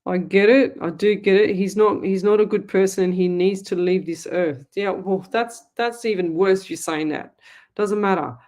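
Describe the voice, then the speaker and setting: A woman's voice: mid-range voice, normal speed, darkish tone. A middle-aged Australian woman hosting a live psychic call-in show, talking bluntly and scolding callers in a motherly way. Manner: blunt, motherly scolding, calls people lovey. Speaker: psychic medium radio host.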